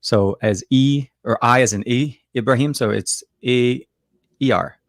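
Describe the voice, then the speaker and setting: A man's voice: medium pitch, measured pace, no echo, clean studio sound. A man co-hosting a casual tech chat, rambling with many fillers and restarts. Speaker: co-host.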